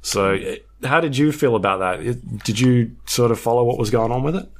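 A man co-hosting a casual podcast chat, speaking in a hesitant, measured way with many fillers. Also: mid-range voice, slight background noise. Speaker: podcast co-host.

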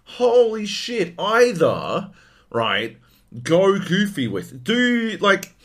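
A man's voice: sits high, wildly swooping pitch, slow pace, a bit bright, slightly rough. A man co-hosting a gaming podcast in casual chat, ranting animatedly with lots of swearing. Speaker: podcast co-host.

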